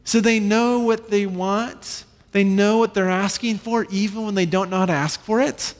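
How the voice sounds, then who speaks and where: A man in his thirties preaching a sermon, animated, with sudden high bursts when he acts out children. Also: normal speed. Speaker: pastor. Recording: long reverb in a large hall.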